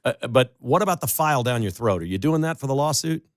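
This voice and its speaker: Male talk radio host, dry studio sound, mid-pitched, teasing and jokey with callers. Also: animated, fast, no echo. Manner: joking, teasing. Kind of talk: call-in radio hosting.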